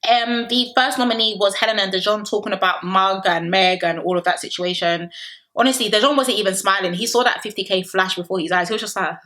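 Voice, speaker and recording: A young woman talks through a reality show episode in a casual review vlog, sassy and animated. She fires off rhetorical questions in a bright, lively voice at a middling pitch. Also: fast.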